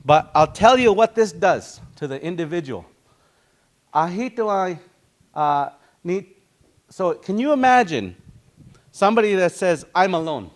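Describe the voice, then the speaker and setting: Man, Dakota community accent, language teacher, slightly higher voice, easygoing storytelling, explains words one by one. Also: expressive, measured pace, pauses often. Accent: Dakota community English. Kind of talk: teaching a class, conversational.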